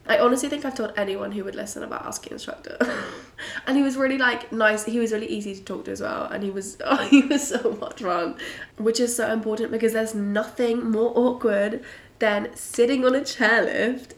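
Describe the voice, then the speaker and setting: A young British woman hosting a casual solo podcast, bubbly and chatty with frequent giggles, her voice a little croaky and husky. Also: medium pitch. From Britain. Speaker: podcast host. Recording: roomy echo.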